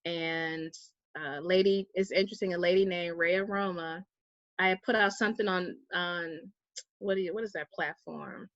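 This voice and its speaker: A woman guest telling a personal story in a casual interview, animated and acting out the people she quotes. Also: on the low side, normal speed, no room sound, highs cut off. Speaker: guest, vegan activist.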